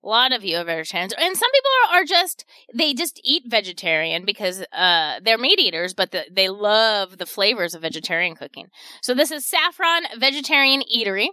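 A woman hosts a radio shopping segment in a chatty, upbeat patter, repeating each deal and price. Her voice sits high and sounds bright and forward. The recording is dry and close, with no room sound around her. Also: big pitch swings, moderate pace, dry recording. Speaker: radio shopping show host. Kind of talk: radio sales pitch.

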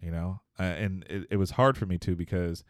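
A man's voice: low voice, steady tone, a little fast, no echo, studio quality. A man from Texas, telling a story in a casual podcast chat, rambling with many fillers and restarts.

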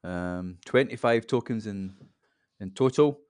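A man in his fifties, a podcast guest, explaining things in a relaxed, rambling casual chat. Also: on the low side, a little slow, clean tone, dry recording, studio quality. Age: 50s.

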